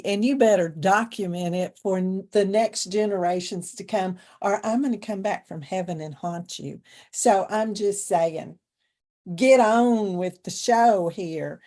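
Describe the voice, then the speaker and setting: A woman's voice: mid-range voice, measured pace, mellow. An older woman with a Southern drawl, folksy, sassy and playful. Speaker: speaker.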